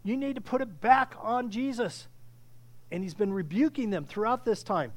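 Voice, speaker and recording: A man preaching a sermon with impassioned delivery, often restarting phrases and building to loud peaks. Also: sits high, animated, moderate pace. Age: older. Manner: impassioned, rising to near shouting, with frequent restarts. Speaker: pastor.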